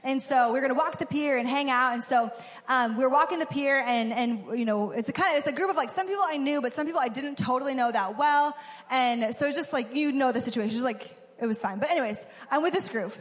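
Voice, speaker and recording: Woman, young adult, casual sermon, lively quoted asides, reverberant room. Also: high voice, fast. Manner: casual, conversational preaching with acted-out quotes. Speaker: preacher. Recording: long hall reverb.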